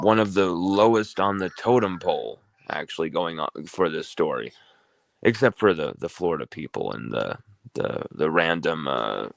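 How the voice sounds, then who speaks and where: Gravelly deep-voiced man hosting sports talk. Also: dry recording. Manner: rambling and conversational, self-correcting. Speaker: sports talk show host. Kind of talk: casual sports talk livestream.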